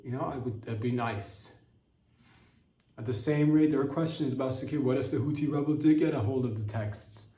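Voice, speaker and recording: A man's voice: medium pitch, brisk, dark tone. Brief: young male comedy host, meandering and sarcastic, in an echoey room away from the mic. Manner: rambling, trailing off, sarcastic. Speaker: podcast host. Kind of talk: comedic monologue. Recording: roomy sound, mic at a distance.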